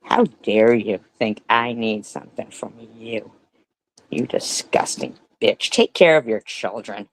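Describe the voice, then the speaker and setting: A woman's voice: extremely low pitch, a little slow, no room sound, rough recording. A woman giving angry, profane reaction commentary, ranting and hurling insults back at a clip she is watching. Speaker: commentary streamer.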